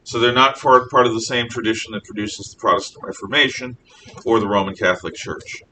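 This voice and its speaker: A man's voice: steady tone, a little fast, bright, forceful tone. A man teaching a history class, lecturing in a rambling way with fillers and frequent self-corrections. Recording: echoey room, mic at a distance, faint rumble.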